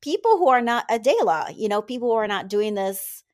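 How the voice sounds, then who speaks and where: A woman's voice: a little high, very animated, darkish tone. Eager, grateful woman guest on a podcast. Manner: eager and grateful, halting restarts. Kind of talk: casual podcast chat.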